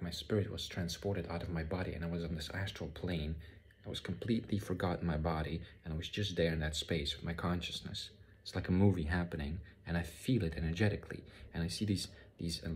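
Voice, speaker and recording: A man telling a personal spiritual story in a halting way, often repeating words and using many fillers. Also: deep voice, slight background noise. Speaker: spiritual vlogger. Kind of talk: personal testimony monologue.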